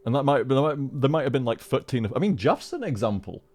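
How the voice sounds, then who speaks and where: A man chatting casually on a live stream, rambling with halting restarts and frequent swearing. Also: mid-range voice, big pitch swings, darkish tone.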